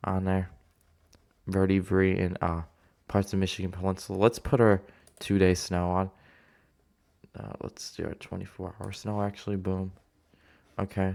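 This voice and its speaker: Guy going over snow maps, kinda low voice, lots of uhs and restarts. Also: a little mellow. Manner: rambling, halting, many fillers and restarts. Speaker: amateur weather forecaster. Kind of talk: casual weather map walkthrough.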